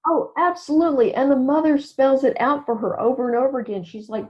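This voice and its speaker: A woman's voice: high voice, fairly quick, hardly any pauses, dull audio. A woman hosting a podcast conversation, retelling events at length and acting out the quoted voices as she goes. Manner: animated storytelling, acts out quoted voices. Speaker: podcast host. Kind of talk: casual conversation.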